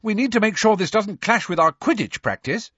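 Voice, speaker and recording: A man's voice: high-pitched, animated, a little fast, sharp tone, slightly rough, no echo, voice pushed up, exaggerated voice. A man voicing a sporty teenage schoolgirl who sounds pressing and worried, in a storybook reading. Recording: dry, slightly dull recording.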